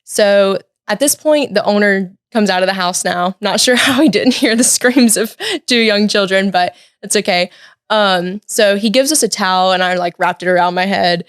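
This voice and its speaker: A young woman in her late teens, a podcast guest, telling a personal story in a lively, chatty way with lots of "like" and "um". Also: mid-range voice, normal speed, clean tone, dry recording, studio quality. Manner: lively, chatty, many "like" and "um" fillers. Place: podcast studio.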